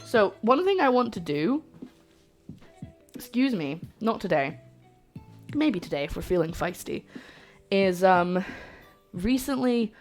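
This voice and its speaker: A woman's voice: medium pitch, sing-song, slow pace, long pauses, darkish tone, soft background music. A woman from Scotland chatting casually and cracking jokes as she cooks on a live stream. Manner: chatty, joking, rambling asides. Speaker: cooking streamer. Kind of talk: casual live-stream chat while cooking. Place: home kitchen.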